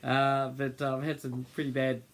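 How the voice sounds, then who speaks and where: A man's voice: mid-range voice, completely flat delivery, moderate pace, vocal fry. A man hosting an unscripted livestream, rambling and often losing his train of thought. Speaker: host of a group livestream. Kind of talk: unscripted casual livestream talk.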